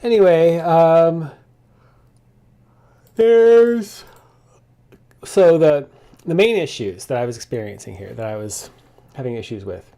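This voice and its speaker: A man thinking aloud in a casual coding log as he walks through his software bugs, with lots of restarts and asides, keyboard typing behind him. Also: fairly high pitch, lively intonation, slow pace, pauses often. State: slightly out of breath.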